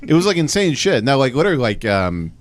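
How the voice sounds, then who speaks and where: A man's voice: mid-range voice, very animated, fast talker. A man from the Texas Panhandle, co-hosting a comedy podcast and telling crude, rambling stories full of fillers. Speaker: podcast co-host. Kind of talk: casual comedic chat.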